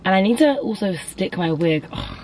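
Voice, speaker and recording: A woman's voice: mid-range voice, big pitch swings, moderate pace, a little mellow. A young woman vlogging in a rambling, chatty way, talking herself through her day. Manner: rambling, chatty, self-talk. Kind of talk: casual vlog chat. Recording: noisy background.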